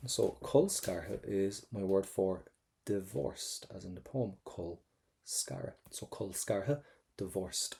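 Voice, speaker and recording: A man's voice: sits low, normal speed, vocal fry, mellow. A man with an Irish accent, teaching an exam-prep language lesson in a chatty, joking way, drilling pronunciation.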